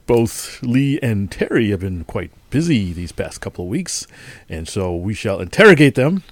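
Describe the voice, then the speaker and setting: A male podcast host with a lively, swooping voice, joking with his co-hosts and laughing easily. The sound is dry and close. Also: lowish voice, normal speed, no echo. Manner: jokey, laughing often. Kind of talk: casual podcast banter.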